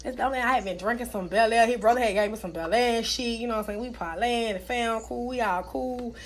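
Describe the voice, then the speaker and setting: A young woman in casual chat, telling stories loudly and brashly with plenty of cussing. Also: a little high, fast talker. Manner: loud, brash storytelling, cussing freely.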